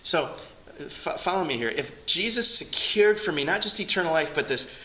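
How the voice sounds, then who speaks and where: A man's voice: fairly high pitch, animated, moderate pace, pushed and bright, low-quality recording. A man preaching a sermon to his congregation in an earnest, conversational way. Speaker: pastor.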